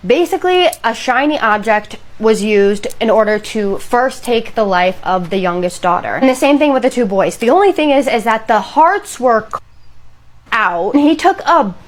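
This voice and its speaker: A woman telling a true crime story in a casual spoken way, with dramatic pauses on the grim details. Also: a little high, animated.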